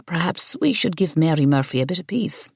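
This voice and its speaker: A woman's voice: low-pitched, expressive, a little fast, creaky, a little mellow, breathy edge, dry recording, studio quality, heavily acted. A woman voicing a stiff priest who speaks in a prim, formal manner. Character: stiff, easily affronted Irish priest, man.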